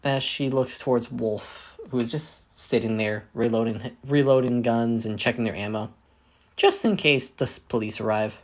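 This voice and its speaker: A man's voice: mid-range voice, moderate pace. A man casually improvising a fan fiction story, often correcting himself as he goes. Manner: rambling, self-correcting. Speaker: fanfic storyteller.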